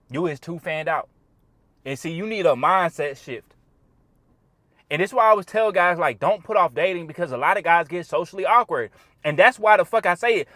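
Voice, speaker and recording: A man's voice: sits high, a bit bright, no room sound. A man in his twenties giving blunt, slangy, profane dating advice while critiquing a profile.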